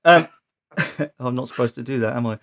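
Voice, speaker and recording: A man's voice: medium pitch, normal speed, a bit bright. A man hosting a casual chat, encouraging and teasing his guest. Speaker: host.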